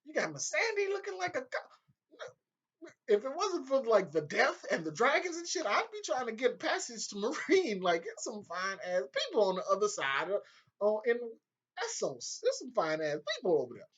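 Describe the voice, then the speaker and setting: A man recapping a TV episode in a casual, excitable way, swearing often and breaking into laughter. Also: high voice, normal speed, breathy edge. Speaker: video reviewer. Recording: dull lo-fi home audio.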